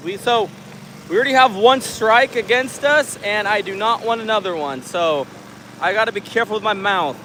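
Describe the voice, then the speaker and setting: A man's voice: high voice, moderate pace, pushed and bright, slight background noise. A man from the United States hosting a live stream, joking and laughing as he reads viewer comments aloud, recorded on a handheld camera outdoors. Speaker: livestream host reading chat. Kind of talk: casual live chat. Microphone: handheld camera mic.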